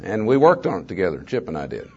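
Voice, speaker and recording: A man's voice: deep voice, huge pitch swings, fast talker, breathy edge. An older man and former mayor giving a testimony talk to an audience, telling stories in a folksy, conversational way with joking asides. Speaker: guest speaker, former mayor. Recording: slightly dull lo-fi recording.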